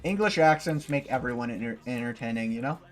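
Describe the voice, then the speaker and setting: A man's voice: medium pitch, expressive, quick pace, faint music behind. A man livestreaming while gaming, chatting casually and rambling, swearing freely and leaning on fillers.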